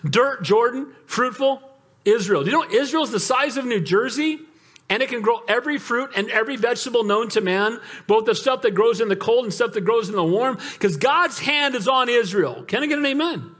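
A male pastor delivers a sermon in a noticeably high voice. He tells stories with animated asides and keeps calling out for amens. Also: moderate pace. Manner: animated storytelling with calls for amen.

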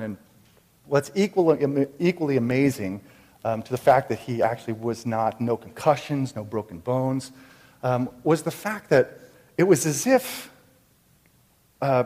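A man telling a personal faith story in an earnest, reflective way, with many halting restarts. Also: mid-range voice, a little mellow, big-room sound.

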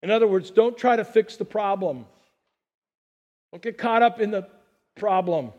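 A middle-aged man preaching a conversational sermon with chatty asides, dropping to a hushed voice on calm phrases. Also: sits high, moderate pace, dull audio. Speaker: pastor.

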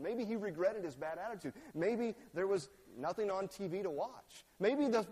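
A man's voice: high-pitched, a little mellow. A man pastor giving a conversational sermon in a church, acting out quoted lines. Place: church sanctuary. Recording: long reverb of a large church.

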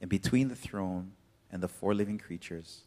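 Male pastor, lowish voice, casual rambling preaching, echoing hall. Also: moderate pace, warm tone. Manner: laid-back, chatty, full of "like". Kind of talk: casual sermon. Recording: reverberant hall.

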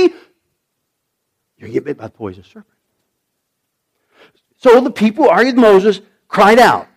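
Animated middle-aged man preaching a sermon. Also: high voice, normal speed, pauses often. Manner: animated storytelling, acting out voices with shouts. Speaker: pastor.

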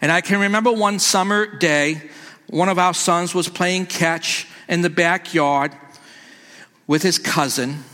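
A man's voice: sits high, measured pace, pushed and bright. A middle-aged man preaching a sermon in a church, earnest and quoting scripture. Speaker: pastor. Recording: echoey church hall.

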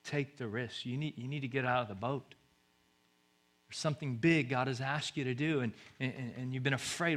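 A man delivers a sermon in a bright, forward voice. He builds to loud, urgent calls and then falls to soft, hushed lines, repeating short phrases for weight. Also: medium pitch, moderate pace. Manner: swings from loud exhortation to hushed near-whisper. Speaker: pastor.

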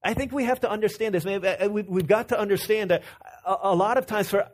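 Man, pastor giving a sermon, somewhat high-pitched, earnest, stumbles and restarts, softens for personal stories. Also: fast talker. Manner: earnest, repeats words and restarts, drops to a soft low voice when telling stories.

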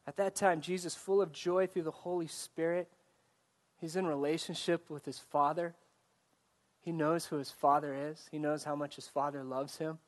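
A man's voice: on the high side, fairly even intonation, moderate pace. A man preaching a sermon in an earnest way, asking his listeners direct questions. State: choked up, coughing. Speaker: pastor.

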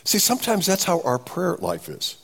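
Animated male preacher, lively pitch. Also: moderate pace, creaky, breathy edge. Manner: animated preaching, acting out pleading prayers with raised voice. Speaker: pastor. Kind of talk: sermon.

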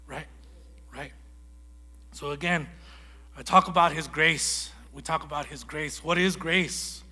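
A man preaching a sermon in a lively storytelling way, acting out conversations as he goes. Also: a little high, unhurried, pauses often, husky, in a large hall. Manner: animated storytelling, acts out dialogue. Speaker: guest preacher.

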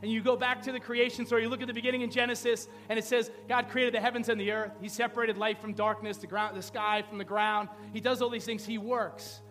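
A man's voice: very high-pitched, flat delivery, fast talker, few pauses, a bit bright. A male pastor in his thirties delivering a conversational sermon, full of rhetorical questions and humor. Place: church sanctuary. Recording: long hall reverb with background music.

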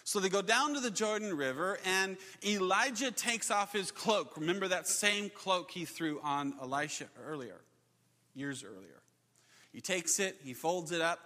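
A man preaching a sermon, telling the story with animated delivery, chuckles and acted-out quotes. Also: high voice, unhurried. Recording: long hall reverb.

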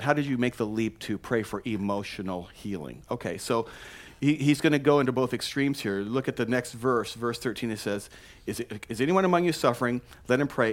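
A man preaching a sermon to his congregation, talking casually with rhetorical questions and many restarts, now and then jumping up in pitch and volume. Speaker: pastor.

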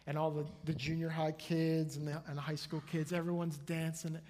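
A male pastor preaching a sermon to his congregation, telling stories with lively energy and acting out the people in them. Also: on the high side, normal speed. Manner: lively storytelling, acts out the people in his anecdotes. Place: church sanctuary before a congregation. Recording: long hall reverb.

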